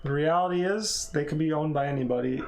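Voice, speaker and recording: A chatty young man talking loosely over a game stream in a slightly high voice. He rambles and jokes in a relaxed way. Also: fast, gravelly, background noise. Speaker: gaming streamer. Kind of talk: casual chat while playing.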